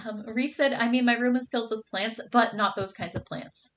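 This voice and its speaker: A woman's voice: on the high side, steady tone, normal speed, hardly any pauses, slight background noise. A young woman streaming, chatting casually with her viewers and reading their comments aloud, gushing and bubbly, with lots of "like" and "oh my god".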